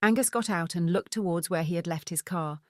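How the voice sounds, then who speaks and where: Low, steady woman audiobook narrator. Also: fairly quick, no room sound, studio quality. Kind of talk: scripted narration.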